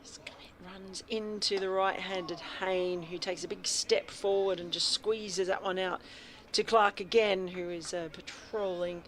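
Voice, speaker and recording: A woman's voice: medium pitch, steady tone, measured pace, fairly bright tone. A woman doing radio cricket commentary in a chatty way, lifting her energy when a shot races toward the boundary. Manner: chatty, rises in energy on big shots. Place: commentary box at a cricket ground.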